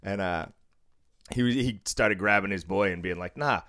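A man's voice: deep voice, normal speed, pushed and bright, no echo, studio quality. A man from the Boston suburbs telling a story in casual chat, acting out quotes and swearing freely. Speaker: podcast co-host, casino worker.

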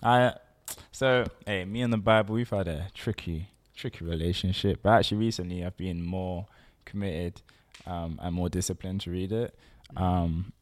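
A man chatting casually on a faith podcast, relaxed and full of fillers and repeated words. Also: low voice, normal speed, few pauses. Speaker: podcast co-host. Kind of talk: casual chat.

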